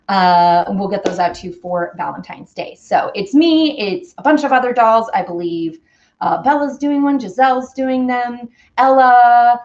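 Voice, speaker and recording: A woman's voice: mid-range voice, dull audio, slight background noise. A woman hosting a casual baking livestream from her home kitchen, chatting bubbly with viewers and reading their comments. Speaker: baking livestream host and singer.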